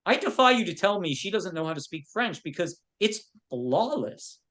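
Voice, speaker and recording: A man's voice: sits high, sing-song, normal speed, a bit bright. A man who works as a film producer, a guest on a podcast, telling anecdotes in a loose way full of "you know". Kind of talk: casual interview chat.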